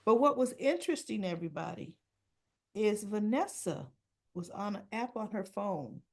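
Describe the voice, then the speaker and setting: A woman's voice: medium pitch, animated, normal speed, breathy edge. A woman casually recapping a soap opera episode, rambling and correcting herself with chatty asides.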